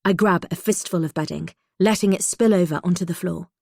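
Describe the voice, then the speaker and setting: A woman reading a first-person thriller audiobook in a tense, measured way. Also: lowish voice, vocal fry, darkish tone, dry recording, studio quality. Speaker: audiobook narrator.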